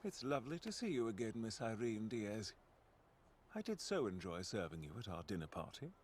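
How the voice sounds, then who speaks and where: A man's voice: lowish voice, sing-song, moderate pace, darkish tone, slight background noise. An actor voicing a courteous, faintly mocking male butler in an anime dub. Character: suave, polite male butler.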